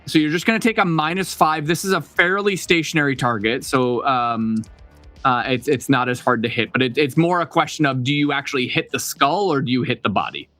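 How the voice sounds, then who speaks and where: A man's voice: mid-range voice, fairly quick, sharp tone, no echo, faint music behind. Man narrating a tabletop game, dry. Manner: describes scenes with many fillers and restarts. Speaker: game master.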